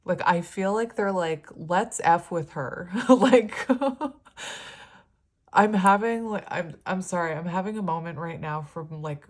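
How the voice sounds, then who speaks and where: A woman's voice: lowish voice, unhurried. A woman giving a casual tarot reading, talking in a rambling, filler-heavy way and easily moved. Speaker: tarot reader.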